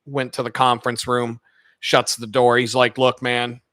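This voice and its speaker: Male channel host, casual profane storyteller, bright forceful voice, dry close sound. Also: mid-range voice, moderate pace, dry recording. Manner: animated, profane, acts out the people he quotes.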